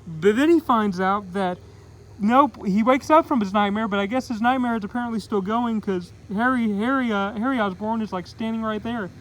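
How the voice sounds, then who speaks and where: A man's voice: high voice, normal speed, slight background noise, poor audio. A man giving a casual, rambling comic book review, full of "like" and "kinda". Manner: rambling, heavy use of "like" and "kinda".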